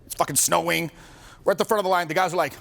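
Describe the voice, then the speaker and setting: A social skills coach in his forties speaks rapid-fire to a group in a voice that's on the high side, gravelly and a bit bright, with a steady tone. His seminar talk is casual and joking, full of swearing and acted-out quotes.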